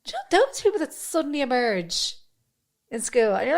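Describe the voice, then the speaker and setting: An Irish woman in her thirties, co-hosting a podcast in casual chat and telling animated, sweary stories. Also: high voice, moderate pace, long pauses. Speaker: podcast co-host.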